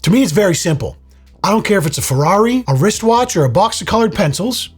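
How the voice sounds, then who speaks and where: A man hosting a reaction commentary, blunt and profane, his voice hoarse and fading. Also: high-pitched, expressive, quick pace, faint music behind. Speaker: commentary host.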